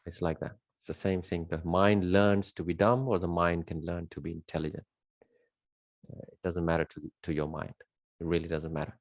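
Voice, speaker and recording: A man's voice: deep voice, darkish tone, no room sound, studio quality. A man giving an unscripted spiritual monologue, emphatic and rambling, repeating his key words with many fillers. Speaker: spiritual teacher.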